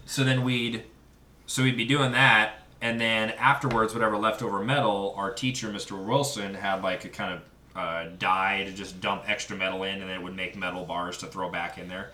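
A young man with a lowish, bright-edged voice tells rambling, profane stories and keeps restarting his sentences. He sounds set back from the mic in an echoey room with a faint hiss underneath. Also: steady tone, normal speed, distant mic. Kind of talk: casual chat.

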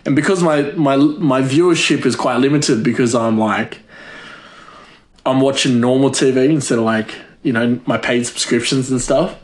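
A man's voice: medium pitch, normal speed. A man chatting casually to viewers. He rambles, giggles and fills his talk with "like". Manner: rambling, giggly, filler-heavy. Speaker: vlogger. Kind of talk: casual chat. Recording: echoey room.

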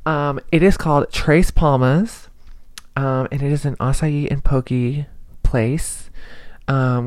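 A young man hosts his own podcast and chats away in a relaxed, wandering way. He pokes fun at himself as he goes. His voice sits at an everyday pitch for a man, in a dry room with no echo. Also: clear, resonant tone. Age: young adult. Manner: rambling, chatty and self-deprecating. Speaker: podcast host. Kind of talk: casual solo podcast chat.

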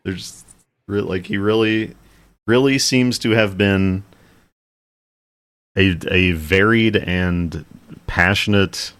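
A man's voice: deep voice, slow, long pauses, a bit bright. A man co-hosting a podcast in casual chat, rambling and laughing a lot as he talks. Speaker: podcast co-host.

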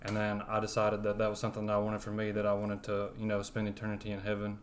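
A man's voice: on the low side, completely flat delivery, fast, slight background noise. Young man with a thick Alabama drawl. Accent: thick Southern US, Alabama. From West Alabama. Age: young adult. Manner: earnest, rambling with fillers. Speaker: podcast guest. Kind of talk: sharing a personal testimony.

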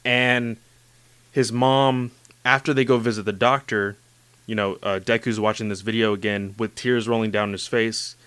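A man hosting a casual chat about anime, gushing and excitable, with lots of "like" and "you know". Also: lowish voice, normal speed, smooth, dry recording. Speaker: podcast host discussing anime.

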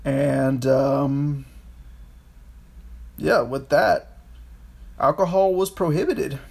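Man, casual podcast talk, rambling, swearing, slightly high voice. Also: fairly even intonation, drawn-out words, vocal fry, slightly rough. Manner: rambling, swears, restarts often. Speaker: podcast co-host. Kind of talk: casual history chat.

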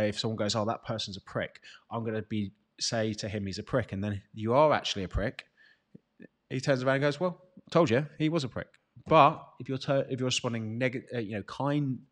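A British man in his thirties coaching people on fitness and mindset in a loose, chatty way. He talks bluntly and with energy, swearing freely as he makes his points. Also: medium pitch. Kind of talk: casual motivational talk.

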